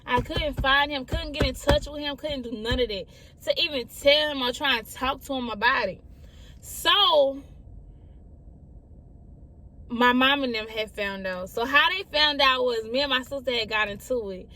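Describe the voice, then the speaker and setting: Chatty young woman with a high voice. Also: normal speed, pushed and bright. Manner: chatty, repeats phrases, often addresses listeners as y'all. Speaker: storyteller vlogger. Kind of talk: casual storytime chat.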